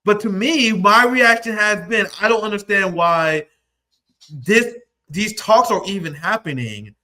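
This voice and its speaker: A man's voice: sits high, measured pace, pushed and bright. A man hosting a political commentary stream, talking casually with profanity and acting out quotes in mock voices.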